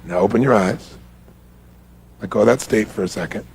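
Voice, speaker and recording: A man speaking as a motivational speaker at a live seminar, guiding an audience through exercises in an animated, coaxing way, with a gravelly voice. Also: fairly low pitch, moderate pace, long pauses. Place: large hall with a live audience.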